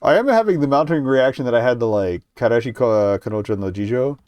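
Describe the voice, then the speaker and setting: A man's voice: medium pitch, lively intonation, fast talker, darkish tone, dry recording. A man streaming himself reading a visual novel aloud at home, breaking off for wry, casual comments. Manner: reacts wryly, swears, keeps voice down at night. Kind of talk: game narration with casual commentary. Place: home, night.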